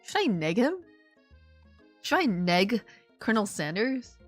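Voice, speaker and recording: A woman's voice: medium pitch, a little slow, faint music behind. A woman streamer playing a game live, joking and chatting animatedly with her viewers. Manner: animated, joking, talks to chat.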